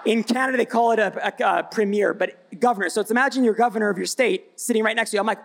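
A man's voice: high voice, fast, creaky, hardly any pauses. A man, a brand founder on a live event panel, telling stories bluntly and with energy. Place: event stage before live audience.

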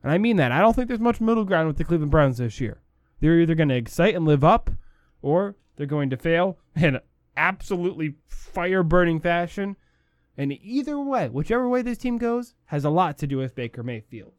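High-voiced man hosting sports talk. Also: sing-song, a little fast, no echo. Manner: emphatic, repeats points for stress. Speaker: sports talk show host. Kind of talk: opinionated sports commentary.

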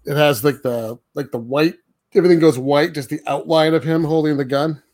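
A man's voice: a little high, fairly even intonation, a little fast, a little mellow. A man co-hosting a podcast, loosely retelling a film in casual chat with lots of fillers and frequent laughs. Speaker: podcast co-host. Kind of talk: casual movie discussion.

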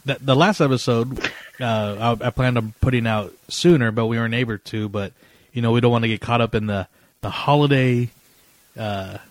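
A man's voice: mid-range voice, normal speed, no room sound. Rambling, laughing podcast co-host man. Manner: rambling, laughs often, many fillers. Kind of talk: casual podcast chat.

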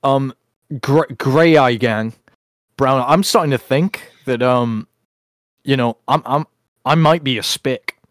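A man's voice: medium pitch, takes it slowly, long pauses, no echo, clean studio sound. A man hosting a casual podcast chat, rambling and provocative, often breaking into laughter.

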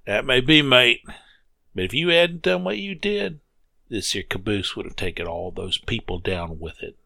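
A man's voice: mid-range voice, lively intonation, moderate pace, vocal fry, pushed and bright, dry recording. A man voicing a folksy, jovial old railwayman with a hearty, drawling in a storybook reading.

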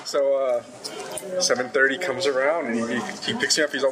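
A man's voice: medium pitch, fairly quick, rough recording. Young man rambling through a story. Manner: rambling, animated retelling with quoted dialogue. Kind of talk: casual storytelling. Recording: crowd noise behind.

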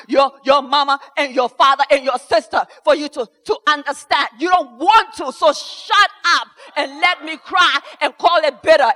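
A woman preaching a sermon with passion, swinging from hushed tones to shouting and repeating phrases for emphasis. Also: high voice, low-quality recording.

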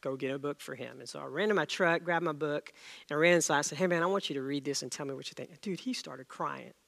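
A middle-aged man preaching a sermon, telling a story and acting out the dialogue with lively energy. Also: a little high, very fast, vocal fry. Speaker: pastor.

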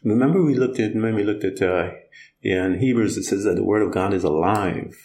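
A gravelly, fairly low-voiced man preaches in an easy conversational way. He retells scripture and acts out the quotes as he goes. His voice rings in a roomy, echoing space. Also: brisk, a little mellow. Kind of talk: conversational sermon. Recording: roomy echo.

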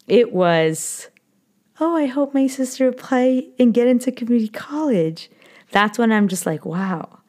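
A woman's voice: fairly low pitch, a little mellow. A young adult woman hosting a podcast, talking earnestly and emotionally in a casual monologue, with many fillers and restarts. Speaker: podcast host.

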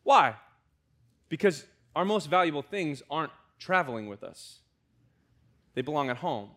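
A young American man, a student pastor, preaching a conversational sermon with lively asides to the congregation. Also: a little high, a little slow. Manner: conversational, animated preaching with fillers and audience asides.

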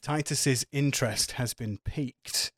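A man's voice: mid-range voice, unhurried, fairly bright tone, husky, no echo, studio quality. A man narrating as game master of a tabletop game, rambling with many fillers.

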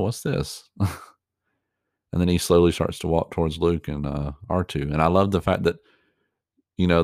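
Very deep, flat-voiced man musing aloud. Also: dry recording, clean studio sound. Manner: rambling, halting, many fillers and restarts; openly moved, earnest. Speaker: show reaction commentator. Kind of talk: reaction commentary.

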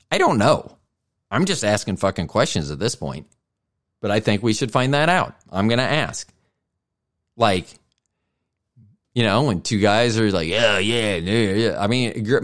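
A middle-aged man hosting a podcast, telling a rambling, profane story in a heated, casual way. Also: fairly low pitch. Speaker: podcast host.

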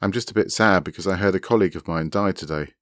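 A man's voice: low voice, quick pace, fairly bright tone, no room sound, clean studio sound. A man reading a shy, reserved woman. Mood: mild. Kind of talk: reading a story aloud.

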